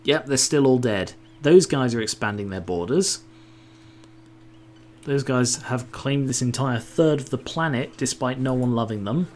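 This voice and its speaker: A man's voice: medium pitch, measured pace, darkish tone. A man grumbling and swearing to himself while giving casual gameplay commentary.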